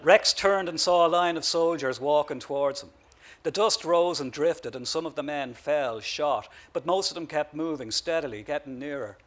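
An author reads his own story aloud. His narration is wry and dry, and his voice sits a touch high for a man. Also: moderate pace, a bit bright.

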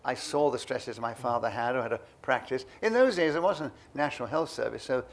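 A man in his eighties from England, a guest telling lively, self-mocking anecdotes in an interview. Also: medium pitch, brisk, a little hiss or hum. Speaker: guest, memoir author.

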